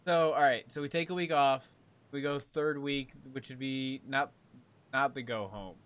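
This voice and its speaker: A man's voice: mid-range voice, fairly even intonation, moderate pace, fairly bright tone, clear, resonant tone. A man co-hosting a casual chat, rambling and hesitant with many ums. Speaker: podcast co-host.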